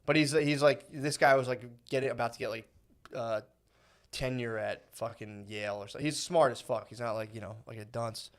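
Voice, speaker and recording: A man in his thirties co-hosting a podcast, telling a long story in loose, casual banter. He swears freely and slips into quick put-on voices for the people in his anecdote. His voice sits at an ordinary middle pitch for a man. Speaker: podcast co-host.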